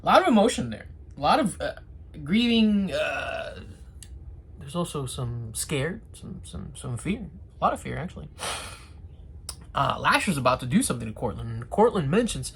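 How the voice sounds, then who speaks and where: A TV reviewer talks through an episode in a lively, swooping voice with a husky edge. The delivery is casual and full of sarcastic asides and restarts. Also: mid-range voice, moderate pace, pauses often.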